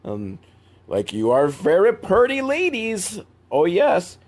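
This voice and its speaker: A man's voice: high voice, huge pitch swings, slow, darkish tone, pitched above the performer's own voice, exaggerated voice. A man voicing smug tough guys who flirt clumsily. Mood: leering. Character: leering big tough men, smug and flirty.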